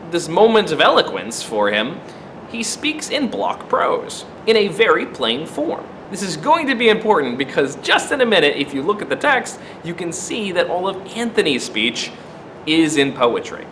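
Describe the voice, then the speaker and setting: A man teaching a literature lesson. His voice sits fairly high and swoops lively up and down, and he keeps his explanations animated, with wry asides. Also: moderate pace, slight background noise.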